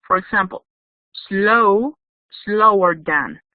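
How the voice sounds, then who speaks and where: A woman's voice: mid-range voice, takes it slowly, dry recording. A woman teaching English grammar in an online class, explaining patiently and checking in with "yes?". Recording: dry, tinny phone-like audio.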